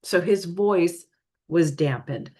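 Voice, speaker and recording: A woman's voice: fairly low pitch, expressive, a little mellow. A woman giving a spiritual reading in a casual, hesitant way, apologizing often, her voice tired and straining. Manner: hesitant, apologetic, halting with many fillers. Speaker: spiritual reader.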